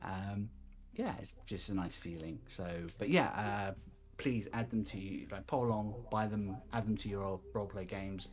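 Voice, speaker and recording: A man hosting a tabletop game stream, chatting and plugging his work in a relaxed, laughing way with lots of ums. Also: fairly low pitch, moderate pace. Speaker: host. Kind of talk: casual outro chat with plugs.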